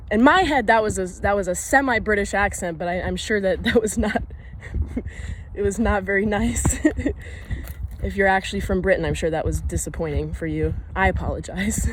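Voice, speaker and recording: A young woman in mid-range pitch muses aloud while walking outdoors through the woods. She meanders from thought to thought, laughs often and drops casual swears. A faint hiss sits under her voice. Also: moderate pace. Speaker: vlogger. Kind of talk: rambling spoken musing.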